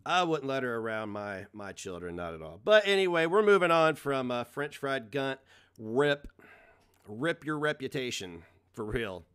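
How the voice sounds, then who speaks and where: A man's voice: medium pitch, animated, moderate pace, fairly bright tone, smooth. A man ranting casually on a live stream, mocking and swearing, laughing often at his own jokes.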